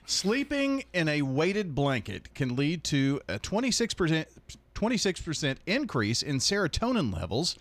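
A man hosting a morning radio show, reading sponsor announcements in a brisk announcer manner with light banter. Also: fairly high pitch, no room sound. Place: radio studio.

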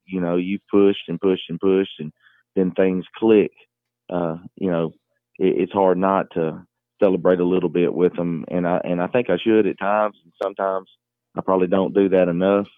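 A middle-aged man, a high school basketball coach, talking in a phone interview with many fillers and restarts. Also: no room sound. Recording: tinny phone line.

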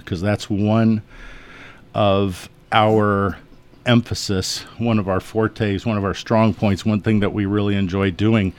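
A man, an eye surgeon guest in a radio studio, telling funny patient stories in a folksy, chuckling way. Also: lowish voice. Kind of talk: relaxed anecdotal storytelling.

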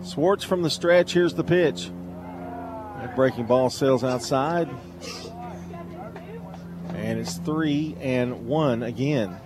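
A man's voice: takes it slowly, pauses often. Radio baseball announcer, male, conversational and teasing, noisy ballpark feed. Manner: chatty, jokey, tells stories between pitches. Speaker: play-by-play announcer.

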